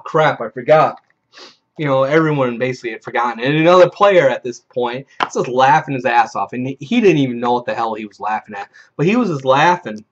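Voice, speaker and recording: A man hosting a video, casually telling a rambling, profane story from a tabletop game and acting out the players he quotes. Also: mid-range voice. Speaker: video host. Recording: dull lo-fi recording.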